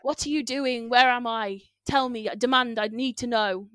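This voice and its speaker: A woman doing a shouting, slow-witted giant. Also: on the high side, fairly even intonation, no room sound, clean studio sound, close to an everyday voice. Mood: demanding. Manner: loud, demanding and impatient. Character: huge angry slow-witted male giant.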